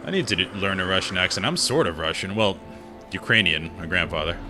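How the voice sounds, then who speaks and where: Deep-voiced laid-back gaming streamer. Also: male voice, fairly quick. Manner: relaxed, rambling, opinionated. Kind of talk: casual chat while playing. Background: game music.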